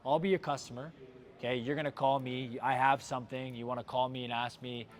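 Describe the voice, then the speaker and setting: A man leading a sales training session for his dealership team, talking in an energetic coaching way with lots of "right?" and "like". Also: medium pitch, fairly quick. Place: car dealership.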